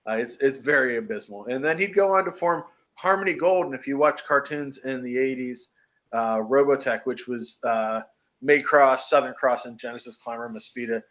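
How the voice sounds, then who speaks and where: A man's voice: mid-range voice, moderate pace. An American man co-hosting a podcast, chatting casually and jokily about horror movies and laughing often. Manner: animated, jokey, laughs often. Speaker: podcast co-host.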